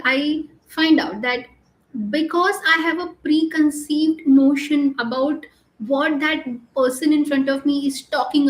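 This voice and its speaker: A woman coach giving an earnest live talk on emotional regulation, explaining slowly with many restarts and pauses. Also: sits high, reverberant, low-quality recording.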